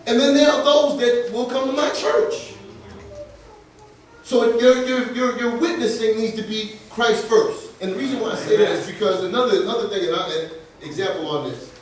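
A man's voice: very high voice, steady tone, normal speed, a little hiss or hum. A male pastor preaching a sermon, telling a personal story with laughter and acting out the dialogue. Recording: echoey room, voice from far off the mic.

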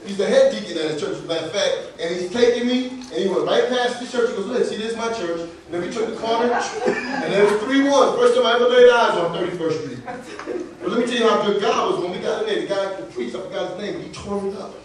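High-voiced pastor in a very echoey church. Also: male voice, fast. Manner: animated, laughing storyteller acting out dialogue. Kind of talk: sermon with personal storytelling. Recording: echoey room, voice from far off the mic.

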